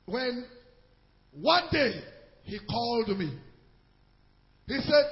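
A man with a Nigerian accent preaching a sermon to a church, telling a story with hushed asides and shouted exhortations. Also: extremely high pitch, very animated, slow, pauses often, big-room sound, muffled recording. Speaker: pastor.

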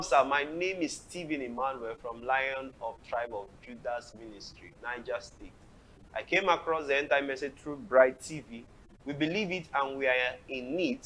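A man's voice: mid-range voice, fairly bright tone, poor audio. Man reading viewer questions aloud.

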